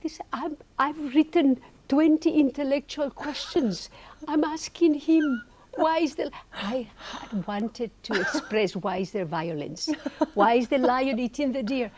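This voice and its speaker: A middle-aged woman from Argentina, a meditation teacher telling her story in an interview, animated and acting out the voices she quotes. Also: high voice, measured pace, slight background noise. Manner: animated, acts out quoted voices, laughs often.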